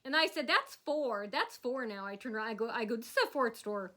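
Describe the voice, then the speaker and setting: Bright-voiced woman rambling through a story. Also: on the high side, expressive, a little fast. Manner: rambling, acts out quotes in a loud shouting voice. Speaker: vlogger. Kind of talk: casual storytelling monologue.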